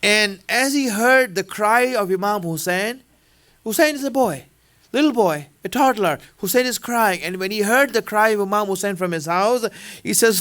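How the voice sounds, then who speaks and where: High-voiced man preaching in a conversational way. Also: expressive, normal speed, fairly bright tone. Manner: conversational storytelling. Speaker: religious speaker. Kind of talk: sermon.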